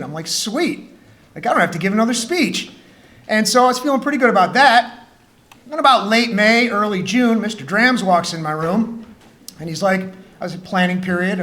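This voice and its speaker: A man, a high school teacher, telling a humorous personal story to students in a school gym, acting out the dialogue. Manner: joking, animated storyteller who acts out dialogue.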